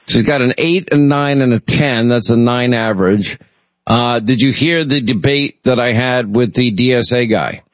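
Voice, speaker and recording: A man's voice: medium pitch, moderate pace, dry recording. A man hosting a call-in radio show, telling rambling, chatty stories with lots of restarts. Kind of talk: casual talk radio chat.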